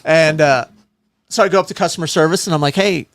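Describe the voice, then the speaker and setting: A man co-hosting a casual podcast, telling an animated story and acting out what other people said. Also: a little high, fast, noisy background. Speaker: podcast co-host.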